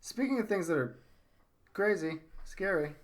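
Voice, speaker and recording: A man's voice: high voice, animated, moderate pace. A man hosting a casual podcast chat, rambling enthusiastically and repeating himself. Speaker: podcast host.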